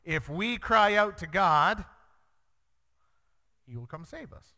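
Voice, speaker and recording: A man, a young father, teaching through a Bible passage in an earnest way, acting out the quoted lines with sudden jumps in pitch. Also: animated, slow, pushed and bright. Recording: long reverb.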